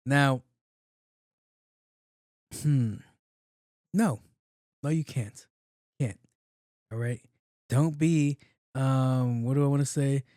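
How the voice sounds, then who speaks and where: A man's voice: mid-range voice, very slow, pauses often, warm tone. Profane, rambling man in his thirties. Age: 30s. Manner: loose, profane, repeats himself. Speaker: podcast host. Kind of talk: casual solo podcast commentary.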